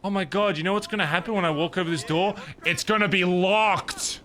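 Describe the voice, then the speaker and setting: A man livestreaming a roleplay game, chatting casually and ranting loudly with lots of swearing. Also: high-pitched, brisk. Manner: loud, profane, ranting. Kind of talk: casual streaming chat and ranting.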